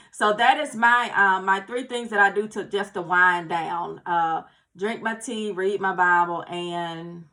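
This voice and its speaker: A woman with a bright, forceful, medium-pitched voice talks casually to camera about self-love. Her motivational message is encouraging and repetitive, and she keeps checking in with "okay?" and "you guys".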